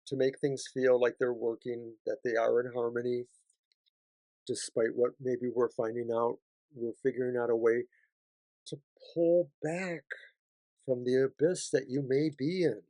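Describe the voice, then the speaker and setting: Man, tarot reader, slow unhurried delivery, dry close sound, chatty with dramatic swings. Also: mid-range voice, no echo. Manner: chatty, dramatic swings between hushed and excited. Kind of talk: weekly tarot reading for each sign.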